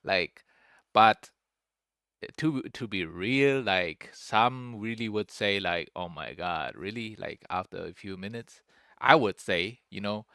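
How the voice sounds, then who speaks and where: A man's voice: on the low side, slow pace, bright, forceful tone, clean tone, dry recording, studio quality. A young man giving casual, rambling commentary as a streamer reacting to a clip, restarting his sentences often and calling everyone "bro". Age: young adult.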